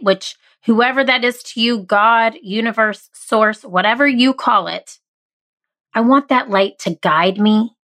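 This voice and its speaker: A woman's voice: mid-range voice, fairly bright tone. A woman in her thirties hosting a podcast, talking candidly and earnestly with self-deprecating humor. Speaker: podcast host. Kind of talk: motivational podcast monologue.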